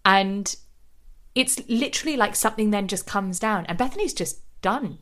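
A woman's voice: medium pitch, expressive, normal speed, fairly bright tone. Chatty woman podcast co-host. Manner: chatty, recaps scenes with frequent "like". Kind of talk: casual chat.

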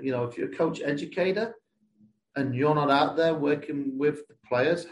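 A man's voice: mid-range voice, darkish tone, roomy sound. A man who coaches youth soccer, not American in accent, answering interview questions in an earnest, rambling way with many restarts. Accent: non-American English.

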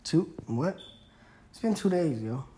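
Slow, laid-back young man podcasting. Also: fairly high pitch, expressive, dark tone, slight background noise. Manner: rambling, laid-back slang. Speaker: podcast host. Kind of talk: casual solo podcast chat.

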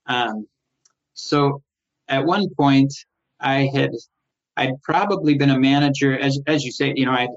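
Storytelling middle-aged man, muffled sound. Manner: animated, rises in pitch when quoting others, frequent restarts. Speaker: accounting firm manager. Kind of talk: conversational storytelling interview.

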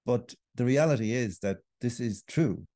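A man's voice: medium pitch, moderate pace, warm tone, no room sound, clean studio sound. A middle-aged Irish man, a writer and podcast guest, making a long, earnest argument. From Ireland. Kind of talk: podcast interview.

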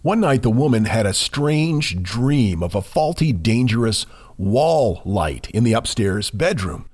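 A man co-hosting a podcast, telling a ghost story in a measured way with dramatic pauses. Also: medium pitch, big pitch swings, a little mellow, husky. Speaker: podcast co-host.

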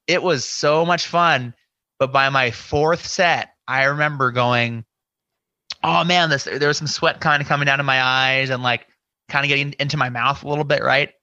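A man's voice: mid-range voice, fairly even intonation, moderate pace, bright, forceful tone, dry recording, dull audio. A man guesting on a podcast, telling a story casually with lots of "you know" and acted-out inner quotes. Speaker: podcast guest, scare actor.

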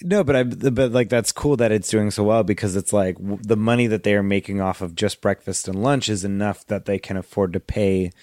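A man guests on a podcast and talks in long, rambling stretches, dropping "like" into nearly every phrase. His voice sits fairly low. The recording is dry and close. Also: steady tone, fairly quick, few pauses, a little mellow, no echo. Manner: rambling, constant "like" fillers. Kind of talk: casual chat.

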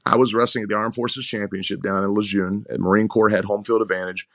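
A man who is a head wrestling coach, telling rambling, animated stories in a casual interview and often repeating his words. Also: lowish voice, fast talker, gravelly, dry recording, studio quality.

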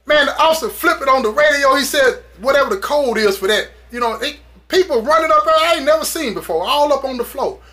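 A man tells a story in a loose, slangy way, acting out what everyone said and laughing along as he goes. His voice sits high and bright for a man. He leans on repeated phrases to drive his points home. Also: quick pace, few pauses. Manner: animated, acts out dialogue, laughs often. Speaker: guest recounting prison experience. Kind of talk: casual storytelling.

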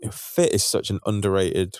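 Low-voiced guy on a football podcast, laid back and thoughtful, dry sound. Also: level tone, fairly quick, a little mellow, dry recording. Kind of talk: casual chat.

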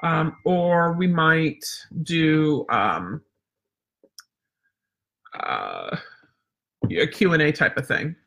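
Chatty bright-voiced woman dog trainer. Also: deep voice, very animated, drawn-out words, vocal fry, long pauses. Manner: chatty and rambling, with many fillers. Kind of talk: casual live webinar teaching.

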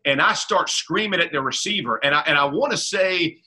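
A man, a former pro football player, telling animated casual stories in an interview, with colloquial talk and repeated words. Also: on the high side, a little fast, breathy edge.

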